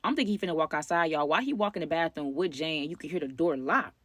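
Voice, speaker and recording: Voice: mid-range voice, fast talker, a bit bright, no room sound, studio quality. A young adult vlogger telling a wild story to viewers in slangy, casual talk, often turning to address the audience directly. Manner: slangy, talks straight to the audience.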